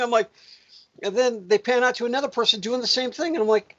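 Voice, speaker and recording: A man co-hosting a casual podcast chat, telling stories in an animated way with laughs. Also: extremely high pitch, fast talker. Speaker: podcast co-host. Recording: dull lo-fi sound.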